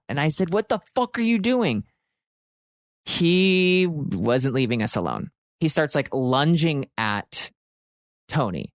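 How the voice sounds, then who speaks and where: A man from Pennsylvania, likely in his thirties, hosting a podcast and telling a story in an animated way, with sudden jumps into exaggerated quotes. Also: mid-range voice, no room sound, clean studio sound. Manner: expressive, swearing, jumps into shouted quotes. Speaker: podcast host.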